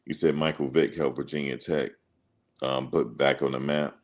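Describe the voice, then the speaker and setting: A man's voice: a bass voice, steady tone, normal speed. A man hosting a casual sports livestream, rambling through stories and slipping into quoted voices. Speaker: host.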